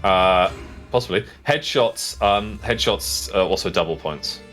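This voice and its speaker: A man's voice: deep voice, unhurried, fairly bright tone, soft background music. Guy game-mastering a tabletop game, chatty and rambly, medium voice. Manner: casual, rambling with fillers.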